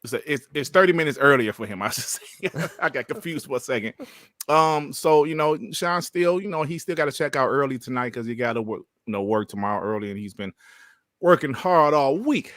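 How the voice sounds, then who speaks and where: A man's voice: mid-range voice, animated, brisk, a bit bright, no room sound, studio quality. A man hosting a casual gaming podcast, talking in slang, filling with "you know" and laughing often. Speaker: podcast host.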